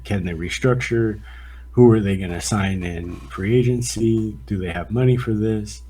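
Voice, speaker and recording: A man co-hosting a podcast, chatting casually about sports in a rambling, profane, animated way. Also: lowish voice, moderate pace, a little hiss or hum. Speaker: podcast co-host. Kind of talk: casual chat.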